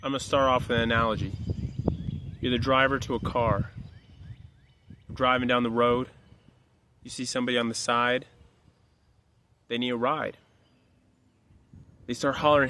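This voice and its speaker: A male life coach tells a motivational story with a bright, forceful voice. He acts out the pleading people in the story and talks bluntly, with a curse now and then. A faint hiss sits under the recording. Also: medium pitch, normal speed, pauses often. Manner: blunt, direct, swears. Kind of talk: motivational monologue told as a story.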